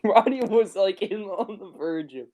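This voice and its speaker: A man's voice: high-pitched, measured pace, warm tone, low-quality recording. A young man co-hosting a podcast, chatting casually and joking loosely, laughing often. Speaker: podcast co-host. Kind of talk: casual chat.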